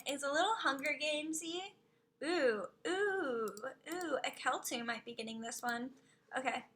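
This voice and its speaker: Gushing woman streamer with a high voice; casual chat, soft asides. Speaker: live streamer.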